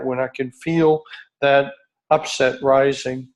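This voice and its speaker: Slow, earnest middle-aged man leading a retreat. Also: medium pitch, flat delivery, low-quality recording. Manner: slow, measured and earnest, with searching restarts. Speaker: retreat leader. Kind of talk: reflective talk to a group. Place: outdoor retreat by a beach.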